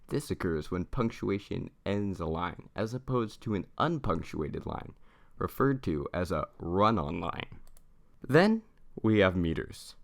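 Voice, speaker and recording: Brief: male presenter, deep gravelly voice, deliberate prepared delivery. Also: fairly bright tone. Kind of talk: reading a prepared lesson.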